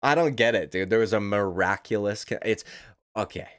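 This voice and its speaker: A man's voice: fairly low pitch, normal speed, fairly bright tone. A man giving casual, profane, rambling commentary as a YouTube commentator, talking emphatically.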